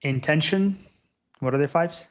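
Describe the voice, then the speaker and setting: A man hosting a podcast who mostly listens. He chimes in with short, eager reactions and quick questions to his guest. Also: on the high side. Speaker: podcast host. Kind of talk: casual chat.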